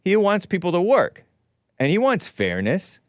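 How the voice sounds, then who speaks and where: A man in his forties hosting a call-in show, giving rambling, sarcastic, animated political commentary. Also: high-pitched, a little slow, no echo, clean studio sound. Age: 40s.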